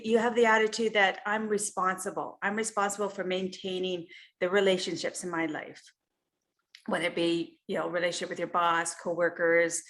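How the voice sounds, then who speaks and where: A woman's voice: mid-range voice, fairly bright tone. Woman coaching a group over a video call. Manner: conversational, with frequent "you know" and "right?" check-ins. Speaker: health and life coach. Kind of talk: online group coaching session.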